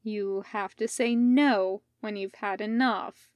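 Woman doing a fussy sensible young guy, bit patronizing, slow and dry. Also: fairly high pitch, lively intonation, dry recording. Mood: concerned. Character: young man, sensible fussing best friend.

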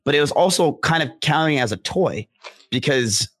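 A man's voice: on the high side, expressive, normal speed, husky. A young man talking casually and rambling, with many restarts and fillers. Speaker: podcast guest discussing ADHD. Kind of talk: casual conversation.

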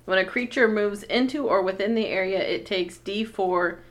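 A woman's voice: mid-range voice, moderate pace. A woman playing a tabletop game, methodically reading her spell rules aloud. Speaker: player. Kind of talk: casual tabletop game play.

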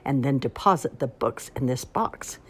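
A woman voicing a showy grand marshal in a storybook read-aloud, loud and theatrical, announcing the contest. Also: a bass voice, expressive, moderate pace, slightly rough, heavily acted.

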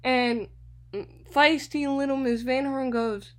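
A young woman from Florida, hosting a radio show and telling a personal story in an animated way, often repeating words. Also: a little high, a little slow. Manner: animated, repeats words, addresses listeners as y'all.

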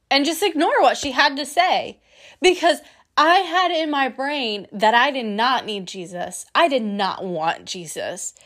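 A young woman giving a personal testimony, telling her story in an animated way and acting out the people she quotes. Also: high-pitched.

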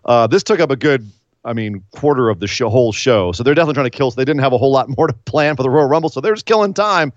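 A man co-hosting a casual chat, retelling events blow by blow in an animated way. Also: medium pitch, racing, no echo, dull audio. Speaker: podcast co-host. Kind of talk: casual wrestling recap chat.

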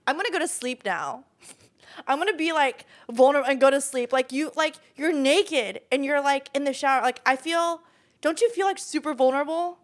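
A woman with a slightly high voice cuts in during a casual chat, blunt and full of swearing. She reacts with loud disbelief and quick teasing questions.

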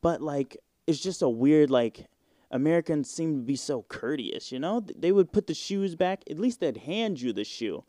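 A man's voice: a little high, lively intonation, moderate pace, dark tone, no echo, studio quality. A man in his twenties hosting a casual solo podcast, rambling in slang with plenty of fillers and swearing. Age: 20s. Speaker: podcast host.

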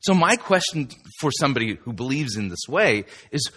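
A male pastor preaching in a conversational, emphatic way, often turning to speak straight to the listener. His pitch swings widely and his tone stays bright and forceful. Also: very animated, moderate pace, breathy edge. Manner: chatty and emphatic, with asides to the listener. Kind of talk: conversational sermon teaching.

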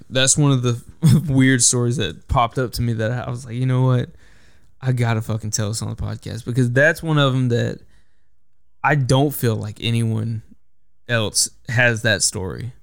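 A young man tells a story on his own podcast, rambling and cursing, circling back to fix his words as he goes. His voice is smooth and resonant. The sound is dry and close, with no room around it. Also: medium pitch, unhurried, long pauses, no room sound. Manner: rambling, profane, self-correcting storyteller. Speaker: podcast host. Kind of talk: casual solo podcast storytelling.

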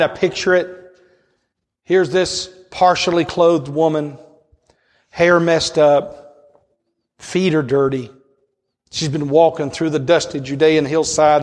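High-voiced impassioned male preacher. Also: long reverb tail. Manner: impassioned, swings between soaring high cries and low hushed storytelling. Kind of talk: sermon.

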